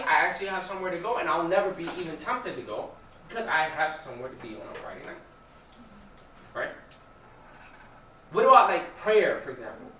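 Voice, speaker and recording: A man's voice: a little high, bright, forceful tone, a little hiss or hum. A young man giving a casual Bible study talk at church, chatty and asking the group questions. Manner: conversational, asks the room questions. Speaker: church teacher. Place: church hall. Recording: echoey room, mic far off.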